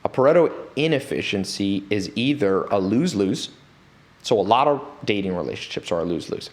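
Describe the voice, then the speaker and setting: A man talking as an interview guest in a studio, telling stories in an animated way and acting out the people he quotes. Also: lowish voice, a little fast. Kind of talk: storytelling interview talk.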